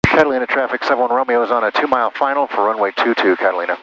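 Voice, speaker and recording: A man who is a pilot, making brisk radio calls and chatting in a small plane's cockpit over a headset. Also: mid-range voice, fairly bright tone, lo-fi sound, slight background noise.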